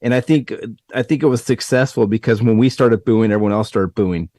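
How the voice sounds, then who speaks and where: A man hosting a casual podcast chat, telling stories in a rambling, animated way. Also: mid-range voice, brisk, no echo, studio quality. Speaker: podcast host.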